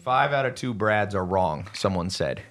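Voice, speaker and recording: A man's voice: lowish voice, animated, normal speed, fairly bright tone. Brash, swearing male podcast host. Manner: brash storytelling, swears freely. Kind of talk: casual chat. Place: studio table with guests.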